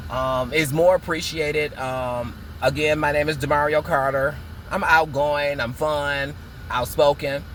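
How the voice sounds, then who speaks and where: Sassy high-voiced man ranting. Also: a little hiss or hum. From Muskegon, Michigan. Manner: sassy, dramatic, drawn-out emphasis. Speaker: vlogger. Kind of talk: casual vlog rant. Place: car, in a parked or moving vehicle.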